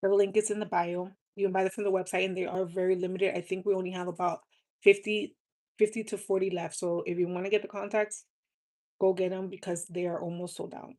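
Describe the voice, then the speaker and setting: Earnest woman with a low, flat voice. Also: fairly quick. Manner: earnest, heartfelt, repeats words for emphasis. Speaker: live streamer selling cosmetics. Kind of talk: casual live-stream chat.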